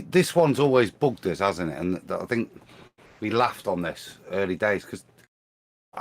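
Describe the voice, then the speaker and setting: A man on a live stream, chatting casually in a hesitant, self-mocking way with frequent restarts. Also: low voice. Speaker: guest on a livestream. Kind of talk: casual chat, telling an anecdote.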